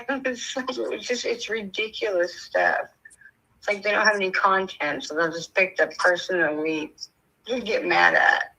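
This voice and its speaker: A woman's voice: medium pitch, a little slow, bright, forceful tone, low-quality recording. An older woman chatting casually as a stream host, telling stories and laughing often. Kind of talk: casual chat.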